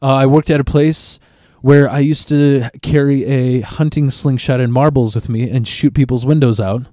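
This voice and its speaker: Comic guy rambling thru a work story, swears a lot, stutters into sentences, kinda dark mellow voice, dead dry sound. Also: mid-range voice, fairly even intonation, moderate pace, dry recording. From Chicago area. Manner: profane, rambling, repeats words when starting. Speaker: stand-up comedian guest. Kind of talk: casual podcast storytelling.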